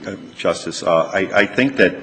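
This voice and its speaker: Man, attorney, measured hesitant speech, echoing courtroom, faint noise. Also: deep voice, fairly bright tone. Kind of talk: courtroom oral argument. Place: large courtroom.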